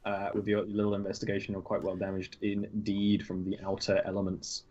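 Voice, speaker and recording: A man running a tabletop game as game master, describing scenes in a relaxed, rambling way full of fillers and restarts. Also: lowish voice, brisk. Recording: dull lo-fi voice call audio.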